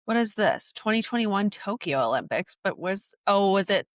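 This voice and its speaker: A young woman with a mid-pitched voice chats as a podcast co-host, bubbly and rambling, often trailing off. She is recorded close and dry. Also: expressive, moderate pace, no room sound. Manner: bubbly, rambling, trails off, laughs while talking. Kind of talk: casual chat.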